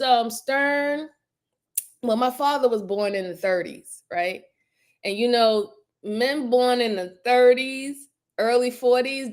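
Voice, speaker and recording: Emotional woman host greeting her viewers. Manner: warm shout-outs, rising to high excited greetings. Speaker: livestream host. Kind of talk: casual livestream chat greeting viewers.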